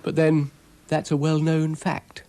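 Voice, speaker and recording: A man voicing a cheerful, boastful male snail in a cartoon, squeaky and chirpy. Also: completely flat delivery, slow, dark tone, slight background noise.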